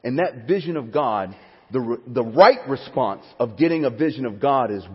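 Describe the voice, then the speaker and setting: Male preacher, husky voice, long hall echo, swings from calm teaching to fervent pleas. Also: medium pitch, normal speed. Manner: builds to fervent, rising pleas, then drops to quiet teaching. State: near tears. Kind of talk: sermon. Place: church sanctuary. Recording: dull sound with long hall reverb.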